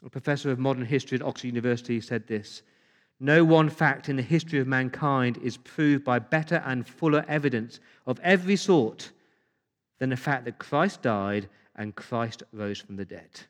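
A man's voice: mid-range voice, moderate pace. Male pastor, emphatic sermon delivery with rhetorical questions, reverberant hall sound.

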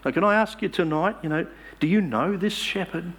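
A man's voice: sits high, a little fast, fairly bright tone. A man preaching a sermon in church, emphatic and asking the congregation rhetorical questions.

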